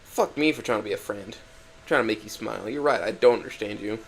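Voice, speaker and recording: A man's voice: lowish voice, quick pace, vocal fry, slight background noise. A man narrating a first-person dramatic story, emotional and swinging from hurt to angry outbursts.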